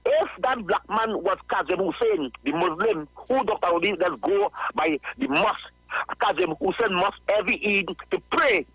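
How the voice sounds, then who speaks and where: A man's voice: sits high, moderate pace, fairly bright tone, slightly rough, dry recording, low-quality recording. A Trinidadian man calling in to a radio show, ranting with passion and stammering over repeated words. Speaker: radio caller. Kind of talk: call-in radio rant.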